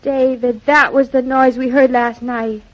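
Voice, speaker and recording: An actress playing an affectionate, gushing young wife in vintage radio drama style. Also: female voice, sits high, level tone, unhurried. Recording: dull lo-fi old recording.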